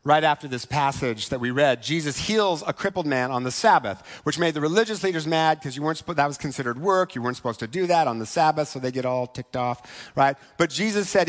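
A man preaching a sermon in a conversational way, often asking "right?" and slowing down for key points. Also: fairly high pitch, expressive. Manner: conversational, asks "right?" often, slows for emphasis. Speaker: pastor.

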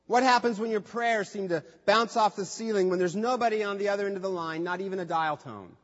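Male preacher, high-pitched, chatty delivery that slips into playful quoted voices; dull recording. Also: a little fast. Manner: conversational, acts out quoted voices with humor. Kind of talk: sermon. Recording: dull lo-fi sound with long hall reverb.

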